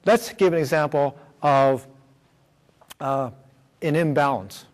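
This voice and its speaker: A man's voice: a little high, slow. A man presenting a workshop with slides, explaining step by step with frequent fillers and check-ins. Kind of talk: lecture with slides. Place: school room. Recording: long hall reverb.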